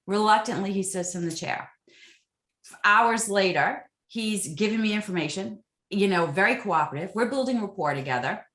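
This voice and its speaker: A woman's voice: medium pitch, normal speed, roomy sound. A woman, a former military interrogator, telling stories in an interview and acting out the exchanges she quotes. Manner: animated, acts out quoted exchanges. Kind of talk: storytelling interview answers.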